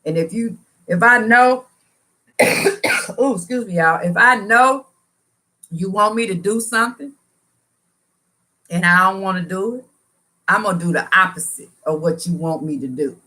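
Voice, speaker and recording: Answering viewers in a casual live chat, this livestream host gives a colloquial, preachy motivational testimony, earnestly repeating phrases to drive them home. She speaks with a bright, forceful mid-range voice, unhurried and pausing often.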